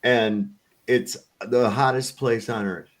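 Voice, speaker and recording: A man's voice: mid-range voice, steady tone, takes it slowly. Laid-back man telling stories. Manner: loose, profane, laughs while telling stories. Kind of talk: casual chat, storytelling.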